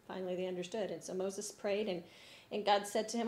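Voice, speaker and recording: Woman children's church teacher, expressive storytelling, echoey church room. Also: mid-range voice, brisk. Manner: expressive, swinging between sad and lively. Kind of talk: Bible story lesson for kids.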